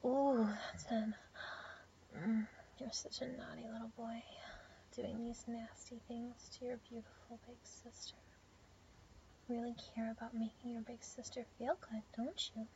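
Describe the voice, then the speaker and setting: Woman, whispered role-play, soft teasing whisper, slightly high voice, dull lo-fi recording. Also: little pitch movement. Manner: soft, slow, teasing whisper with breathy murmurs. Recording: dull lo-fi audio with faint background hiss.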